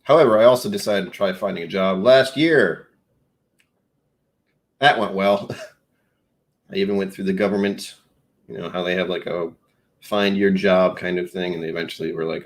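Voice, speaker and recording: A man with a low voice hosts a casual livestream. He rambles from topic to topic, pokes fun at himself and keeps the talk loose and jokey. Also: fairly even intonation, normal speed, long pauses. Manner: rambling, self-mocking, jokey. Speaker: live streamer.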